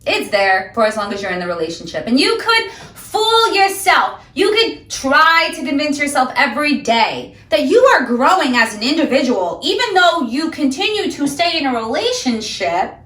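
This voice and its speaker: A woman's voice: high voice, big pitch swings, moderate pace, fairly bright tone, distant mic. A woman talking straight to the camera about her sobriety, emphatic and ranting, addressing viewers as "guys" and "honey". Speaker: sobriety vlogger. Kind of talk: direct-to-camera motivational talk. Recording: echoey room, voice a bit off-mic.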